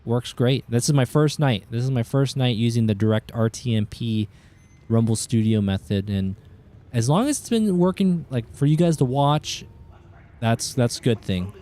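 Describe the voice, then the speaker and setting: A man streaming a game live, chatting casually with viewers and reacting with excited outbursts. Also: mid-range voice, moderate pace.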